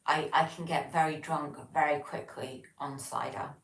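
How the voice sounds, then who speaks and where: An Englishwoman with an English accent hosts a livestream from the home where she lives alone, chatting casually and reading viewer comments aloud with plenty of ums, restarts and self-corrections in a rambling way. Her voice is low-pitched and fairly bright, level in tone, at a normal pace. The recording is low quality, reverberant and captured from a distance.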